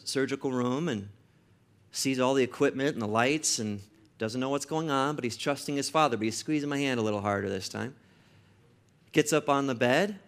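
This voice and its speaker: A man's voice: medium pitch, a bit bright. A man in his thirties, a pastor, telling a personal story in a sermon, his delivery rising to emotional emphasis.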